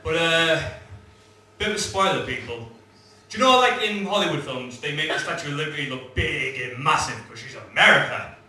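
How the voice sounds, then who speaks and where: A man's voice: on the high side, animated, fairly quick, bright, forceful tone. A young man from England doing a swearing, brash stand-up comedy set and acting out quoted lines. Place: comedy club stage before a live audience. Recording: very echoey live room from a distance.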